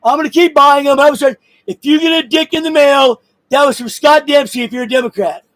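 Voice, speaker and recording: High-voiced man on a profane shouting rant. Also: fairly even intonation, fast talker, no echo, poor audio. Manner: angry, crude, bursts of shouting and laughter. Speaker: vlogger. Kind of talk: profane political rant to camera.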